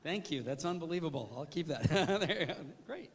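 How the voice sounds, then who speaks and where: A man giving an energetic, interactive training talk on service, often putting questions to his audience. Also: fairly high pitch, brisk, husky.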